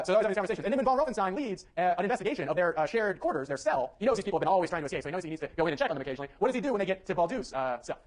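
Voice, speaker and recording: A young man giving a university lecture in a conversational way, with fillers and restarts. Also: a little high. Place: lecture hall.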